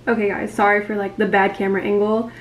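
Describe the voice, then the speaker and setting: A woman's voice: medium pitch, level tone, fast, slight background noise. A young woman in a casual vlog, talking in an anxious, rambling way with lots of fillers. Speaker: vlogger.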